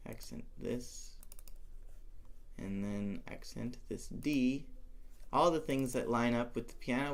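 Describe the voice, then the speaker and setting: A young man with a medium-pitched, creaky voice thinks out loud while composing music. He's a composition teacher, musing to himself and tossing in playful asides.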